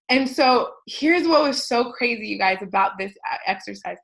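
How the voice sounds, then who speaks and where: A woman in her thirties, a podcast host, talking casually to her listeners in a rambling, animated way, full of fillers and tangents. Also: on the high side, moderate pace, gravelly, few pauses, poor audio. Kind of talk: casual personal talk to listeners.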